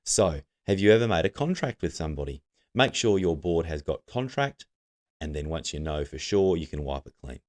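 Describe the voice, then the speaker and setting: Man, very deep voice, teacher, recorded classroom lesson, patient step-by-step instructions. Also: big pitch swings, normal speed, a little mellow.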